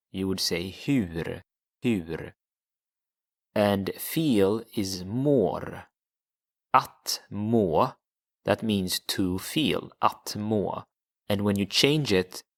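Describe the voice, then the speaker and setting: A male teacher talks learners through a video lesson at an unhurried, deliberate pace. His voice sits a little low, and he repeats each new word so it sinks in. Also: fairly bright tone. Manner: patient, repeats words for learners. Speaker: language teacher. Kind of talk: slow explanatory video lesson.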